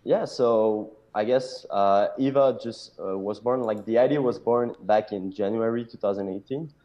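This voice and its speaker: French-accented man with a dark, dull sound. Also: on the low side. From Canada. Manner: halting, many pauses and fillers. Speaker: chief technical officer guest. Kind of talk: casual interview chat.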